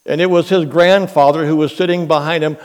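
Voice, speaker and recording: A man preaching a sermon as pastor, telling a story in an unhurried, earnest way. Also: a little high, steady tone.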